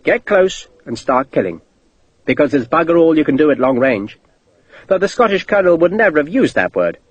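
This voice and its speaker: A man narrating an audiobook in a steady, vivid storytelling manner. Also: on the high side, brisk, muffled recording. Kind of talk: scripted narration.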